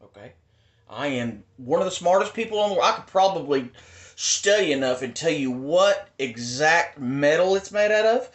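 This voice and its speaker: A man's voice: on the high side, expressive, moderate pace. A man in a heated, insistent monologue at his house, repeating his points and ranting. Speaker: video maker ranting on his channel.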